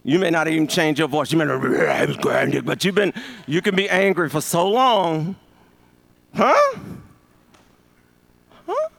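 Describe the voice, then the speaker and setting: A man in his fifties preaching a sermon as pastor, animated and joking, calling on the congregation to answer. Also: a little high, moderate pace, vocal fry. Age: 50s.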